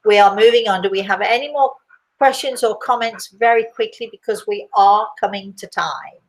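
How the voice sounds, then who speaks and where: An older woman hosts a live stream in a loose, chatty way. She laughs easily, rambles a little and speaks at an ordinary, middle pitch. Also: moderate pace, rough recording. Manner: chatty, warm, laughs often. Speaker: host and medium. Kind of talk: casual live-stream chat.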